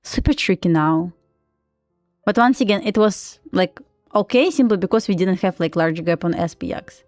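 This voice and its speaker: A woman's voice: on the low side, normal speed, darkish tone, no echo. Female streamer with a Russian accent, loose and chatty, dry mic, light music bed. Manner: chatty, frequent laughs and "like" fillers. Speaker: live-streaming day trader. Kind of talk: casual live-stream chat.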